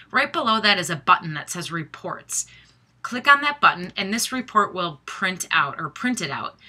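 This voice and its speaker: A woman's voice: on the low side, bright, forceful tone, breathy edge. A middle-aged woman facilitator talking straight to her audience, upbeat and encouraging, often restarting her sentences. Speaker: workshop facilitator. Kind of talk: direct-to-camera prep message.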